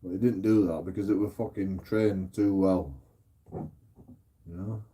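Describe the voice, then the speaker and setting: A man's voice: deep voice, steady tone, measured pace, dark tone, breathy edge. Rambling, swearing man. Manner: swears a lot, repeats himself, trails off. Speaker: streamer. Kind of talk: rambling casual chat.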